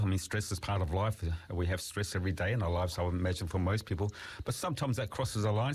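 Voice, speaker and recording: A man hosts an interview and asks his guest measured questions. His voice is very deep and husky. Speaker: host.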